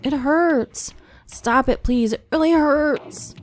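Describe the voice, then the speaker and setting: A frightened teenage girl begs through tears in a shrill, high voice, as a woman puts her on while reading a horror story. Her pleas climb sharply above the narrator's own low register. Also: lively intonation, takes it slowly, a little mellow, no room sound, soft background music. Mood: shrieking in pain. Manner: tearful, shrill and begging.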